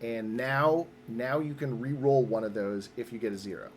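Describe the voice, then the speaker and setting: A man's voice: mid-range voice, moderate pace, slight background noise. A man running a tabletop roleplaying game as game master, upbeat and patient as he explains the rules step by step.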